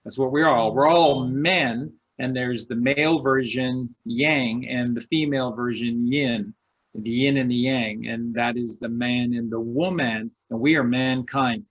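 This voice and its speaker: A man's voice: medium pitch, steady tone, a little slow, lo-fi sound. A man co-hosting an online show, talking in an impassioned, preachy way and repeating his encouragement. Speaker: show co-host. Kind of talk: impassioned conversational speech.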